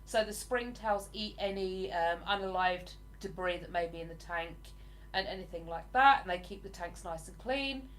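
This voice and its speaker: On her livestream, a woman from England in her forties casually talks with viewers and answers their comments, speaking at a normal speed in a lowish voice.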